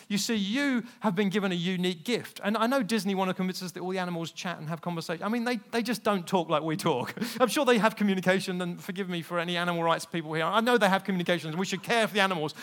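A man preaching a sermon in church, telling a personal story and moving between hushed passages and loud, emphatic ones. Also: sits high. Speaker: pastor.

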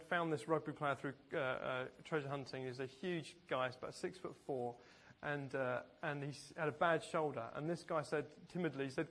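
Man, pastor, sermon, storytelling, higher voice. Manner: storytelling, conversational, often laughing.

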